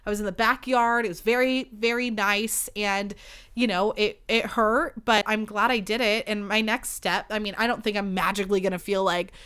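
A woman's voice: mid-range voice, steady tone, normal speed, a bit bright, smooth. A young woman hosting a podcast, talking candidly about a breakup, close to tears, swearing, filling her talk with likes and you knows. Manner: emotional, swearing, many fillers. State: holding back tears. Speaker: podcast host. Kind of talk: candid personal monologue.

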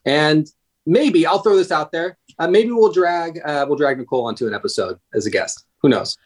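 A man's voice: a little high, lively intonation, moderate pace. A man in his thirties, a paramedic guest on a podcast, chatting casually in a rambling, self-interrupting way. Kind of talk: casual conversation.

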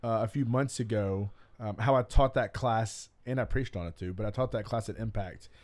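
A man's voice: on the low side, moderate pace, darkish tone. A man co-hosting a faith podcast, chatting casually and acting out quotes in playful voices. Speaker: podcast co-host and preacher. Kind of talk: casual chat.

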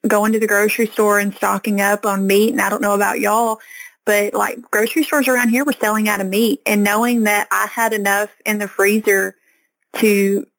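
A woman's voice: medium pitch, little pitch movement, normal speed, a bit bright, no echo, low-quality recording. A woman farmer, giving earnest, plain-spoken answers as a podcast guest. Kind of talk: casual interview answers.

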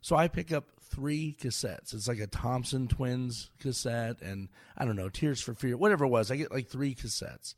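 A man's voice: medium pitch, normal speed, few pauses, no echo. A comedian in his forties telling a story on a podcast, acting out the dialogue with lots of energy. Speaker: comedian guest.

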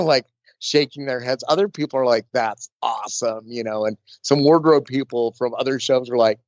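A makeup artist being interviewed, telling stories in a chatty, rambling way with lots of fillers and restarts. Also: male voice, mid-range voice, steady tone, fairly quick, no echo. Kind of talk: casual storytelling interview. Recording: dull lo-fi dry sound.

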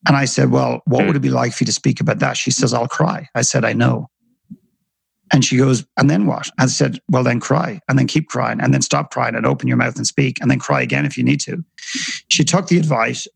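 A man's voice: medium pitch, steady tone, fairly quick, dry recording, poor audio. A man from Ireland, a podcast guest, telling stories earnestly and often repeating words as he thinks. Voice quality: gravelly, husky. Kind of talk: reflective storytelling in conversation.

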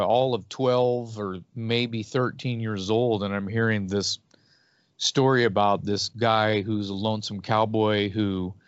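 Slow-talking man, halting and heartfelt. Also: on the low side, no echo, muffled recording. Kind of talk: casual conversation.

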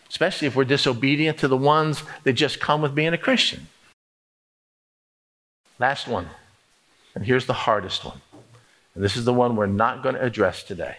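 A man's voice: medium pitch, lively intonation, unhurried, long pauses, a bit bright. A man preaching a sermon, emphatic, acting out prayers and inner talk in the first person. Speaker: pastor.

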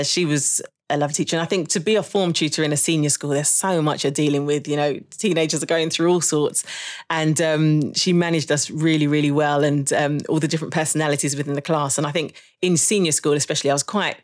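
A woman with a deep voice talks fast in a steady tone. She's a jazz saxophonist guesting on a podcast, reflecting on her school days in a chatty conversational interview and laughing often.

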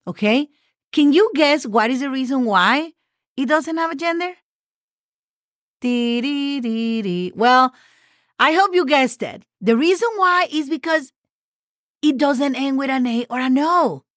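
A woman's voice: high-pitched, a little slow, fairly bright tone, no echo, clean studio sound. Patient woman teaching Spanish words. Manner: patient, spells words letter by letter with examples. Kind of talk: casual language lesson.

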